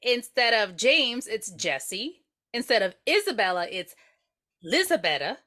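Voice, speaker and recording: A woman's voice: fairly high pitch, big pitch swings, a little slow, sharp tone. A woman co-hosting a podcast, recapping an episode in playful, sassy, teasing chat. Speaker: podcast co-host.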